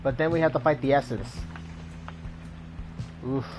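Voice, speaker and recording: A man's voice: mid-range voice, unhurried, rough recording. A man playing a story game, reading the text aloud and chatting between lines. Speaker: let's player. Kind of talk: casual game narration. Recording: game music behind.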